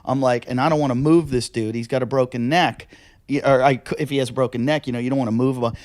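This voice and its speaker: A man's voice: medium pitch, steady tone, fast talker, darkish tone, no room sound, clean studio sound. Laughing, profane male comic storyteller. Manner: swears a lot, acts out quoted voices; laughs often while telling stories. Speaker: comedian telling stories on a podcast. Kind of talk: casual storytelling chat.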